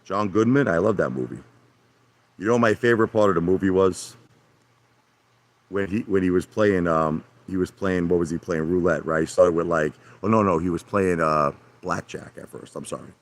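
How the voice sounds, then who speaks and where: Low-voiced male livestream host, argumentative rambler talking to chat from his hot tub. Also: moderate pace. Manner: brash, argumentative, repeats himself, addresses chat by name. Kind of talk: rambling live chat with viewers.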